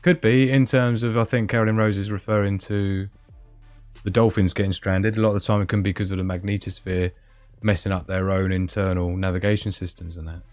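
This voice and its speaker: Bloke rambling on a livestream, bit low-voiced, chatty. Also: male voice, little pitch movement, fairly quick, darkish tone, no room sound, soft background music. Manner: rambling, chatty, loses his thread. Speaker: livestream host. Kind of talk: casual live-stream chat.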